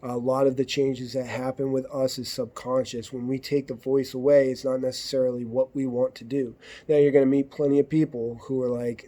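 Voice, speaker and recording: A man's voice: medium pitch, level tone, brisk, hardly any pauses, dark tone. A man hosting a podcast, talking in a blunt, profane, conversational way and acting out what arguing partners say. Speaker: podcast host. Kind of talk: casual monologue.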